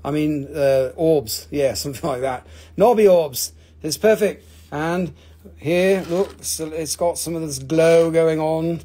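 A man hosting a live-stream crystal auction in casual chat, excitable and joking, swearing freely. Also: a little high, measured pace.

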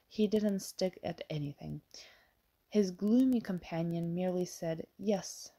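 A woman narrating an audiobook of a classic story in a measured way, sometimes correcting her own slips. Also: fairly low pitch, vocal fry, warm tone. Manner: measured, occasionally stumbling and self-correcting. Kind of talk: scripted narration.

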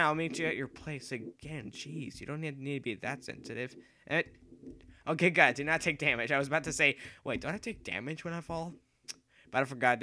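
Young man, high bright voice, animated, gameplay commentary, shrieks and trash talk. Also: vocal fry, slight background noise. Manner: excitable, yells and shrieks when playing; rambling, repeats himself, trash talk. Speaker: gaming YouTuber.

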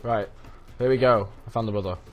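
A man's voice: lowish voice, fairly even intonation, a little fast, faint music behind. A young man swearing and muttering while commenting on his own gameplay. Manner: frustrated, swears constantly, mutters to himself. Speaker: gaming YouTuber. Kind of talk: casual let's play commentary.

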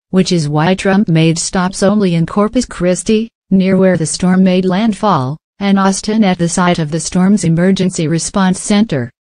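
Female news reader, lower register, dry booth sound, even read-aloud delivery. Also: no room sound.

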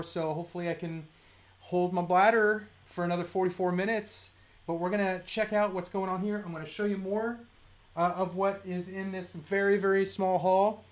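Chatty toy-collecting live-stream host. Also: medium pitch. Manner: chatty, mildly profane, laughs often. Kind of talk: casual live-stream chat. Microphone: desk microphone.

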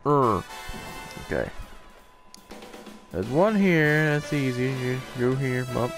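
A man's voice: mid-range voice, lively intonation, slow, soft background music. A man casually commenting on his own gameplay, talking to himself as he plays. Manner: chatty, talks to himself while playing. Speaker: gamer.

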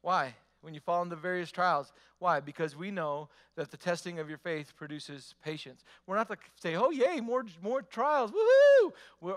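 A man's voice: fairly high pitch, sharp tone. A male pastor preaching a sermon, emphatic, repeating phrases and asking the congregation rhetorical questions.

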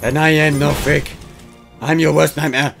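A man's voice: on the high side, little pitch movement, normal speed, vocal fry, faint music behind. A man putting on a gloating monster Knack. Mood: gloating, menacing. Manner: loud, theatrical, gloating threats. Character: boastful menacing male creature, game hero.

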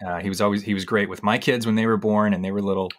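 A middle-aged man with a fairly low voice hosts a podcast, chatting casually and slipping into anecdotes and jokes. His talk is loose and conversational. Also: steady tone, racing. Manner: chatty, storytelling, joking. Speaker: podcast host. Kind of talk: casual chat.

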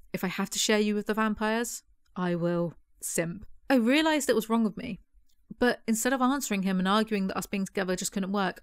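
A woman's voice: medium pitch, smooth, no room sound, studio quality. A woman doing a casual book review, reading passages aloud and breaking in with sarcastic, mocking asides.

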